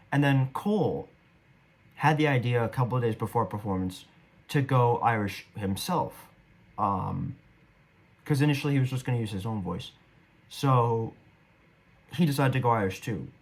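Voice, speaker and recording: A young man talks through his own stage performance in a loose, rambling way. He is casual and a bit self-deprecating, and his voice sits at an ordinary middle pitch. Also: breathy edge. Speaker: actor reviewing his performance. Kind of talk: casual commentary.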